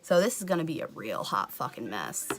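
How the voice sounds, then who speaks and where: Against background noise, a woman with a very deep, sing-song voice speeds a little through a comedic makeup tutorial. She curses liberally, pokes fun at herself, and keeps dropping to a whisper.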